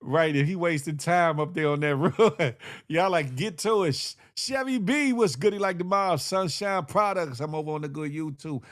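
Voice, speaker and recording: A man's voice: fairly high pitch, moderate pace. A man hosting a morning show, riffing in casual commentary with slang, frequent laughs and sung snippets. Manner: animated, slangy, laughs often, sings snippets.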